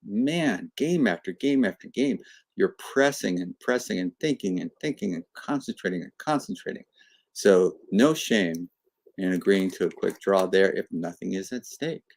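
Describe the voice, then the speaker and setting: A man commenting live on a chess game with a lowish voice and lots of energy. He walks through the moves and voices both players' thinking as if they were chatting. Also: moderate pace, creaky. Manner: animated, acts out the players as if talking.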